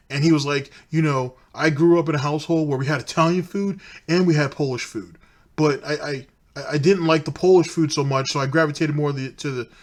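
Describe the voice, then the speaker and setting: Male commentary host, mocking, exasperated, slightly high voice. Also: a bit bright. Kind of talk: casual commentary.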